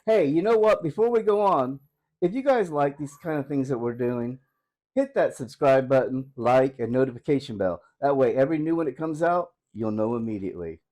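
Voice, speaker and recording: An older man hosting a comedy channel, telling dirty jokes in an animated way and laughing at his own punchlines. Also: mid-range voice, brisk, poor audio. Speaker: joke-telling host. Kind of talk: casual joke telling.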